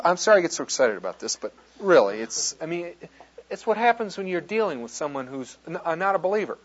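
A man preaching a sermon, reading scripture aloud and breaking off with excited asides and jokes. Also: sits high, a little fast. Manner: animated, quoting scripture and joking with the audience. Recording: dull lo-fi sound.

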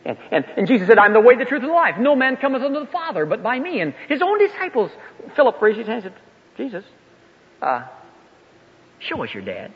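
An older man preaching a sermon in a folksy, emphatic way, his voice swinging up and down. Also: fast talker. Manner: animated, swooping pitch, folksy and emphatic. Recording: echoey hall, dull lo-fi sound.

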